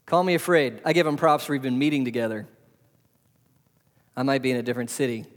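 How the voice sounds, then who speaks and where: A man preaching a sermon as pastor, asking rhetorical questions and swinging between loud and soft. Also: medium pitch, quick pace. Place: church hall. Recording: long hall reverb.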